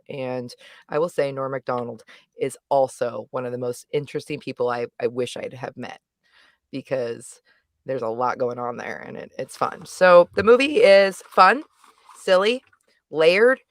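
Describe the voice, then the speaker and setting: A middle-aged woman giving a casual, animated review on a livestream, emphatic and rambling, correcting herself as she goes. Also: very deep voice, brisk, no echo, studio quality. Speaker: guest reviewer.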